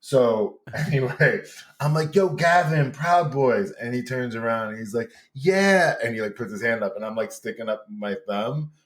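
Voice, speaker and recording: A man with a New York accent, a podcast guest telling a story loudly and campily, laughing often. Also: fairly low pitch, steady tone, moderate pace. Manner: loud, campy, laughs often. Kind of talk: animated storytelling.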